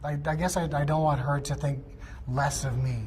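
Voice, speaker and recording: A man, a parent, giving a hesitant, halting personal testimonial. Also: fairly high pitch, fairly even intonation, a crowd in the background. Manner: hesitant, halting, soft-spoken.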